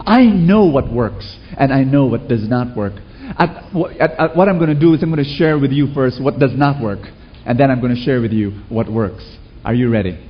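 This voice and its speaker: A man's voice: medium pitch, muffled recording. A male preacher giving a sermon with call-and-response, telling stories and asking the congregation rhetorical questions. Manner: animated storytelling, rhetorical questions.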